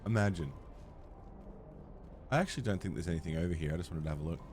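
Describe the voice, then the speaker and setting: A man's voice: sits low, fast, darkish tone, a little hiss or hum. An Australian man chatting casually with his viewers as he streams a video game, swearing freely and reading out chat messages. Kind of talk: casual live gameplay commentary. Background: faint background music.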